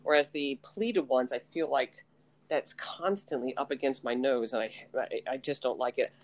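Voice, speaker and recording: A woman chatting casually as a podcast co-host, telling animated stories full of laughing asides. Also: very deep voice, normal speed. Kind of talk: casual chat.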